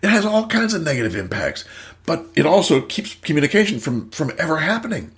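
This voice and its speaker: A man, a therapist and host, telling a story and explaining ideas in an emphatic, animated way. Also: a little high, brisk. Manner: animated, emphatic, acts out voices. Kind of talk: storytelling and teaching talk.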